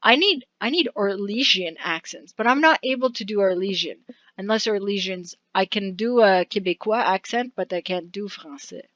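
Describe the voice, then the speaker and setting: A woman's voice: mid-range voice, moderate pace, fairly bright tone, no room sound, dull audio. A woman casually narrating a video game, reading its text aloud with chatty asides and frequent laughs. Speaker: let's-play narrator.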